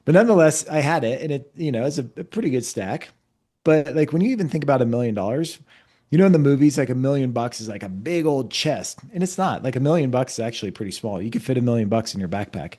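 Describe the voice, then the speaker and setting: This is a man with a mellow, relaxed voice, a guest on a podcast who explains finance through stories. He tells them in a lively way and acts out each exchange. His pitch sits in a middle range. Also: brisk. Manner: lively anecdotal storyteller, acts out dialogue. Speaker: fractional CFO and keynote speaker, guest. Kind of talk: storytelling in an interview.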